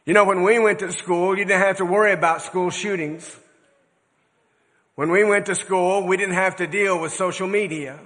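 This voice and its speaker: A man in his sixties preaching a sermon, telling stories in an earnest, measured way with emphatic phrasing. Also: high-pitched, fairly even intonation, fairly bright tone. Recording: long reverb of a large hall.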